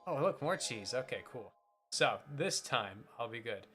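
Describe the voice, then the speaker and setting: A man's voice: medium pitch, expressive, a little slow, bright, forceful tone, a little hiss or hum. A man streaming, chatting casually and telling a rambling story with many restarts. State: voice changed by a bite on the throat.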